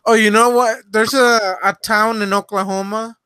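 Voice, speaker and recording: A man's voice: high voice, fairly even intonation, normal speed, bright, forceful tone, clear, resonant tone, no room sound. A man from Florida chatting casually on a podcast, snappy and profane. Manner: snappy, mock-irritated, profane. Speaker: podcast co-host. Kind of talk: casual crude chat.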